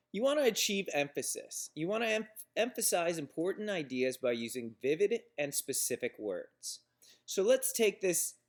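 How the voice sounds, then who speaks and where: A man giving a recorded lecture on business writing. His voice sits at an ordinary middle pitch. He talks through examples plainly, stumbling and restarting now and then. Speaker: instructor.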